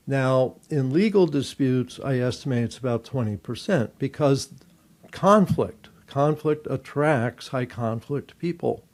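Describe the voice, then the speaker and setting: An older man, a therapist and author, giving measured, explanatory answers in an interview, thinking aloud as he goes. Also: medium pitch, a little mellow.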